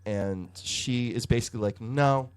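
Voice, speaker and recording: A man's voice: mid-range voice, moderate pace. A man co-hosting a podcast, recapping comics in casual chat, swearing freely and filling his talk with "like". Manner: animated, profane storytelling with hedging fillers. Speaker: podcast co-host.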